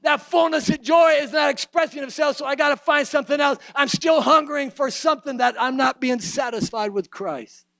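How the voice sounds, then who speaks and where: High-voiced, gravelly male preacher. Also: fairly quick, few pauses, dry recording. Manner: swings from hushed low asides to shouted, sing-song preaching. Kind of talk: sermon.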